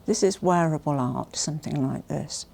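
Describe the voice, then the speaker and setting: A woman vlogger presenting a haul in a casual, gushing and emotional way, often dropping to soft whispers. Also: sits low, moderate pace, creaky. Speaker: fashion vlogger.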